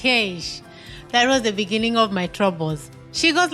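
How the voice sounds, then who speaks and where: A woman's voice: a little high, expressive, moderate pace, pushed and bright, faint music behind. A woman with a non-American English accent giving earnest advice in a vlog, stressing her points by repeating them. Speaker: vlogger advising immigrants. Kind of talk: direct-to-camera advice vlog.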